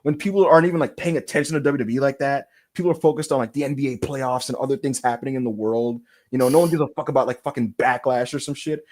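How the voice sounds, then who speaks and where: A man's voice: medium pitch, fast talker, hardly any pauses. A man co-hosting a wrestling podcast, ranting in a casual, profane and exaggerated way. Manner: animated, profane, exaggerated storytelling. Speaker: podcast co-host.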